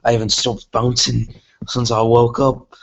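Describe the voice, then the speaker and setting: A man's voice: mid-range voice, level tone, a little slow, creaky, muffled recording. A man voicing a hyper, bubbly young female pony, with an accent slipping into Irish. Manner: bouncy, gushing.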